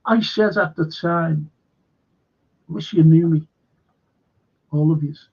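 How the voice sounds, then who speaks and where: Male stream host, husky and raised in pitch, profane, rambling, reading out comments, dull audio. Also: takes it slowly, darkish tone. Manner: profane, rambling, reads viewer comments aloud. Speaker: livestream host. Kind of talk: casual fan livestream chat.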